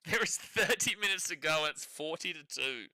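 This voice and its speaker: Young Australian male streamer, wry sports chat, a bit high-pitched, dry close sound. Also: animated, normal speed, pushed and bright, dry recording. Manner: sarcastic, laughs often, reads chat aloud. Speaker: livestream co-host. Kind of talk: casual live sports watch-along commentary.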